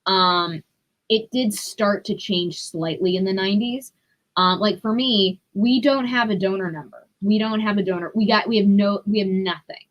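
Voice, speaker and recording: A young adult woman, a podcast guest, telling her story in a candid, profane and animated way. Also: mid-range voice, normal speed, lo-fi sound. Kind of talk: casual storytelling.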